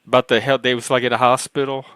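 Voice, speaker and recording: A man's voice: mid-range voice, level tone, fast, fairly bright tone, smooth, dry recording, rough recording. A man in casual podcast chat, blunt and opinionated. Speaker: podcast co-host.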